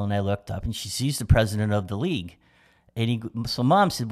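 Low-voiced middle-aged man telling a story. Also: a little fast. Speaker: co-host, son of the guest. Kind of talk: casual storytelling chat.

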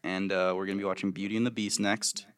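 A man's voice: low voice, level tone, fast, fairly bright tone. A young man co-hosting a podcast, talking about films in a laid-back, casual way and swearing freely. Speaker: podcast co-host. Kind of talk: casual film chat.

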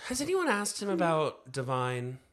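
A man's voice: fairly high pitch, normal speed. A man co-hosting a podcast, chatting about reality TV in a gossipy way. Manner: animated, gossipy. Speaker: podcast co-host. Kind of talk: casual chat.

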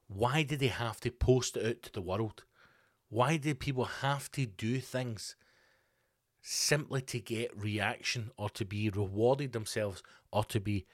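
A man's voice: fairly low pitch, no echo, clean studio sound. A man hosting a solo comedy podcast, ranting with rhetorical questions and swearing freely. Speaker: podcast host. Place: home studio.

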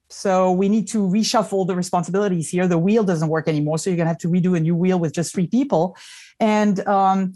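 A middle-aged woman speaks as a guest in a relaxed conversation. Her voice sits a little low, and she tells a hard personal story openly, moving between emotion and wry humor. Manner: candid, emotional, storytelling with self-deprecating humor. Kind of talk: casual conversation.

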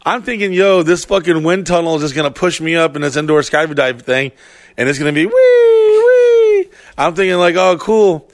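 A man co-hosting a podcast, telling stories in a casual, animated, heavily profane way and acting out what people said. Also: fairly high pitch, brisk, dry recording, clean studio sound. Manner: profane, animated storytelling with acted-out quotes. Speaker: podcast co-host. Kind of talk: casual storytelling chat.

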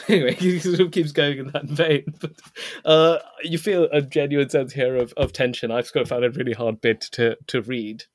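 Host, casual book chat, hesitant, laughs a lot, mid-pitched voice. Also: male voice, steady tone, normal speed. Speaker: podcast host.

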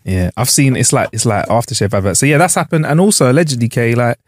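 Relaxed male podcast co-host, mid-pitched, dry close sound. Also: no room sound. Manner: laid-back, easygoing, quick to agree. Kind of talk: casual podcast chat.

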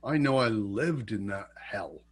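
A man's voice: fairly low pitch, expressive, a little slow, breathy edge. A man hosting a podcast, asking a guest questions in an earnest, candid way. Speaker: podcast host. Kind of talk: reflective interview talk.

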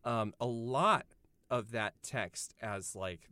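A man's voice: medium pitch, slow pace, pushed and bright. A man co-hosting a podcast, thoughtfully explaining ideas in a casual film discussion. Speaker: podcast co-host.

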